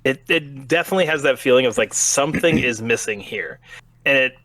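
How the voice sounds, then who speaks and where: A man with a bright, forceful voice talks through a video game in a relaxed podcast chat. He keeps jumping into little acted-out lines. The sound is dry and close on the mic. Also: mid-range voice, dry recording. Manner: animated, acts out lines in quick voices. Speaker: podcast co-host reviewing a game. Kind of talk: casual chat.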